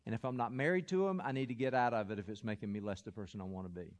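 A man preaching a sermon, telling a story with animated, building energy. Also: fairly low pitch, very fast, big-room sound. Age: adult. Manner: animated, builds to loud excited peaks when telling a story. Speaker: pastor.

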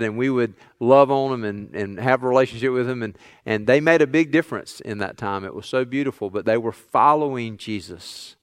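A man's voice: mid-range voice, clean tone, no room sound. A man preaching a sermon, earnestly retelling stories in others' words. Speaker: pastor.

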